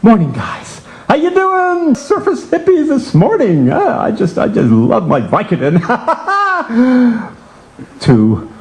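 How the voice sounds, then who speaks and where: Man playing a wailing, self-pitying older guy, high and swooping. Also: wildly swooping pitch, very slow, full character voice, poor audio. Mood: cranky. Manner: high wailing, shouting, cranky. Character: whiny self-pitying retired man, himself.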